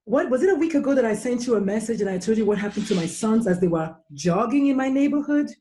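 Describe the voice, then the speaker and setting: A woman's voice: fairly high pitch, animated, quick pace, dark tone, slight background noise. A woman speaking as a podcast guest in a casual discussion, impassioned and blunt, firing emphatic questions.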